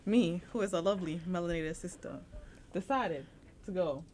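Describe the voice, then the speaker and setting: A woman's voice: on the low side, normal speed, a little mellow. A woman co-hosting a radio show, telling a comic story with vivid, dramatic delivery.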